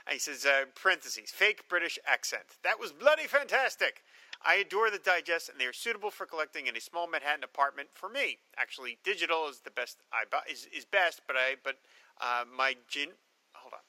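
A man co-hosting a podcast, reading listener mail and joking in animated casual chat. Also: on the high side, brisk, no echo, rough recording. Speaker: podcast co-host.

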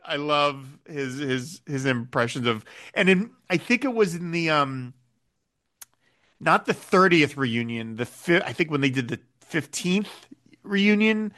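Man, podcast co-host, casual, animated, bright voice. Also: a little high. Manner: animated, recounts scenes and acts out the quotes. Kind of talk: casual chat.

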